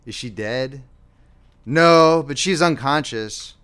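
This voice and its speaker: A man's voice: medium pitch, takes it slowly, fairly bright tone, clean tone. Anxious nurse lady, short worried words, guy reading her. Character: worried female hospital nurse.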